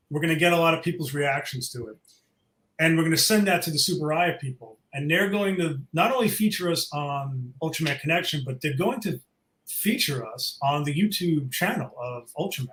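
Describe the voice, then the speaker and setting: A man's voice: on the high side, fairly bright tone. Enthusiastic man in an echoey room. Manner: enthusiastic, rambling with fillers. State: sore throat, sucking a cough drop. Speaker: event organizer guest. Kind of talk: casual interview chat.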